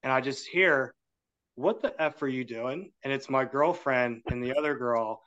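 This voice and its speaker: A man with a voice of middle pitch tells a story as a podcast guest. He speaks casually and acts out the voices of the people in it. The sound is a bit dull and lo-fi. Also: normal speed, fairly bright tone.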